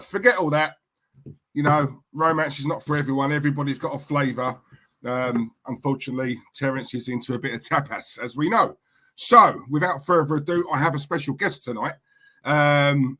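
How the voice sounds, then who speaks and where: A man hosting a casual fan livestream, chatty and jokey as he greets viewers and gives shout-outs. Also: a little high. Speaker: livestream host.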